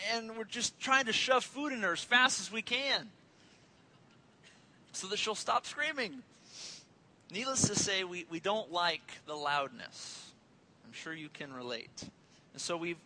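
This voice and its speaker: A man's voice: sits high, bright, forceful tone, slight background noise, low-quality recording. A man in his thirties preaching a sermon as a pastor, conversational and joking, telling family stories.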